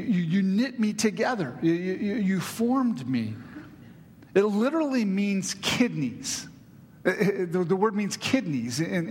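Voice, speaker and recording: A middle-aged male pastor delivers a sermon in a high voice. He speaks earnestly and often repeats his words mid-sentence. A long echo trails through the hall around him. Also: husky.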